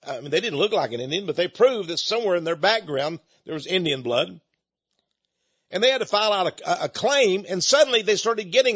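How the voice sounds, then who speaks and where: A man from Texas talks on and on in a loose, folksy monologue, speaking straight to his listeners. His voice sits a bit high and has a husky edge. The recording is dry and dull, with a lo-fi sound. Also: a bit bright, no room sound. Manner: folksy, meandering, addresses folks directly.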